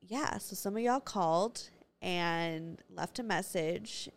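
A woman's voice: fairly low pitch, slow pace. A woman hosting her own podcast in a brash, bubbly, profane casual chat. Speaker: podcast host.

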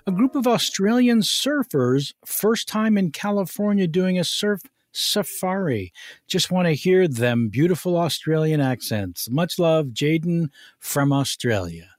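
A podcast host reading out a listener's letter with lively shifts in delivery. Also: male voice, fairly high pitch, measured pace, dry recording.

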